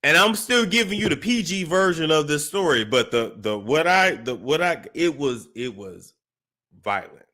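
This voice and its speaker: A man hosting a celebrity gossip show, telling a story with dramatic pauses, restarts. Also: on the high side, expressive, bright, forceful tone. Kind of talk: casual gossip commentary.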